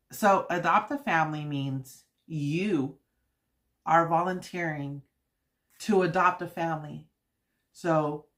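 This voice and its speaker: A woman hosting a live stream, chatting casually and venting in a rambling way with many fillers. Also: sits low. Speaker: channel host.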